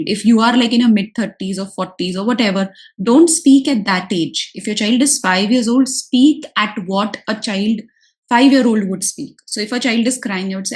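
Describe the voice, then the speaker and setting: Woman, therapist talking to parents, earnest, keeps repeating her main points, mid-pitched voice. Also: low-quality recording. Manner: earnest, repeats key points, gives examples. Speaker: occupational therapist. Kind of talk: advice talk to parents.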